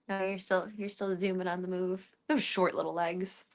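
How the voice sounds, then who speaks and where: A young woman streaming from home, chatting casually and baby-talking her cat, often dropping to a soft, hushed voice. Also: on the low side, level tone, moderate pace, hardly any pauses. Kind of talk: casual livestream chat.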